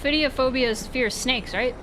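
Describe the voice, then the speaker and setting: Playing a horror game on stream, a woman with a high voice talks a little fast amid background noise. Her casual commentary is sarcastic and full of swearing, punctuated by the occasional mock-scared squeal.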